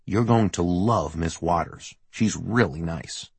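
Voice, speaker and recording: Man voicing a cheerful young woman receptionist, chirpy, higher voice, slightly husky, dry close sound. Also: slow pace, darkish tone, no echo, full character voice. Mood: whispery. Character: young female receptionist, bubbly and friendly.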